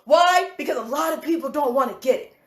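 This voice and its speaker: Brief: mother on a livestream, high voice, animated, laughs between lines, echoey room. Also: fast. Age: adult with school-age children. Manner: animated, laughing often, swearing. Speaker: livestream host. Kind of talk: casual livestream rant.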